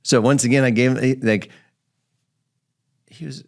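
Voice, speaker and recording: A man's voice: mid-range voice, moderate pace. A man hosting a physical therapy podcast, telling a patient story in casual chat and acting out the patient's lines. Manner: animated storyteller, acts out his patient's lines.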